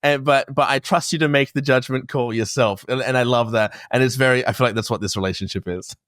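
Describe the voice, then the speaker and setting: A man's voice: mid-range voice, steady tone, quick pace, no echo. Laughing, supportive male podcast co-host, mid voice, recorded dry. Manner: giggly, warm and supportive. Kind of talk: casual chat.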